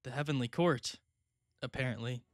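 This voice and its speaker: A man narrating a dramatic story in a measured, ominous way. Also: mid-range voice, slight background noise.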